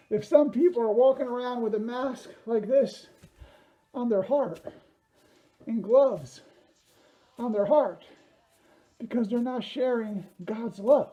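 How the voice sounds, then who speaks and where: A woman's voice: fairly high pitch, slow pace, pauses often, muffled recording. A woman giving an upbeat children's sermon, talking straight to young viewers. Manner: upbeat, talks directly to kids.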